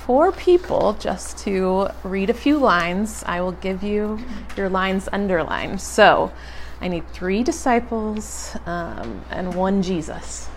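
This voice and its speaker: A woman's voice: mid-range voice, lively intonation, slow, a little hiss or hum. A woman leading a church group, reading a Bible passage aloud and chatting casually between lines with frequent laughs. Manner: laughs often, casual and upbeat. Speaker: group leader.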